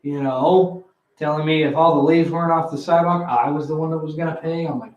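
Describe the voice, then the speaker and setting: A man's voice: on the high side, fast talker, distant mic, lo-fi sound. A man telling a long story in casual chat at a poker game, swearing freely and acting out what his friends said. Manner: profane, animated storyteller who acts out quotes. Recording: roomy echo, away from the mic.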